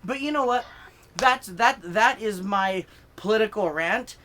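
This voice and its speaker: A man's voice: sits high, unhurried, sharp tone. A man doing a profane comedy rant to camera, fired up and rambling with lots of fillers and swearing. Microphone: filming himself on camera.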